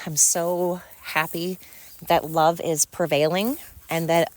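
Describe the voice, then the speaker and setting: A woman's voice: on the low side, darkish tone, no echo. A woman hosting a solo podcast, ranting with indignation and mocking her critics through sarcastic rhetorical questions. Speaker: podcast host. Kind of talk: opinionated solo podcast monologue.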